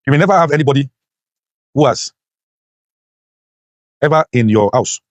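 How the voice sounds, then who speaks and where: A motivational teacher addresses his class at a moderate pace, his medium-pitched voice expressive and free of room sound. The talk is preachy and full of rhetorical questions, with his voice jumping sharply upward on key points.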